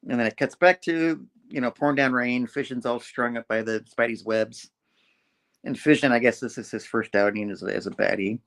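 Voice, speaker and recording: A man's voice: medium pitch, fairly even intonation, fairly quick, fairly bright tone. A man hosting a casual comic book review show, retelling the story in a rambling way with many fillers. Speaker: host.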